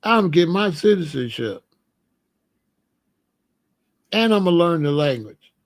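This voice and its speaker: Man, from Chicago, fairly high voice, casual monologue, slangy, repeats himself, laughs a lot. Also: sing-song, measured pace, no echo. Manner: loose slangy talk, laughs often, repeats his points. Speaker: commentary channel host.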